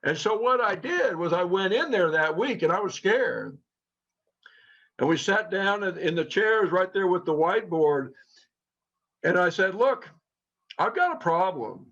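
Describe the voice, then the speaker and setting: A middle-aged man, a co-founder and trainer, earnestly tells a group a personal story in a high-sitting, unhurried voice. He quotes people in lively tones, and the recording has a dull lo-fi sound.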